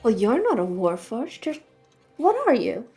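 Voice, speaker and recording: A woman's voice: on the high side, sing-song, unhurried, a little mellow, slightly rough, soft background music. A woman playing a tabletop game in character, earnest and a little hesitant. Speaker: player.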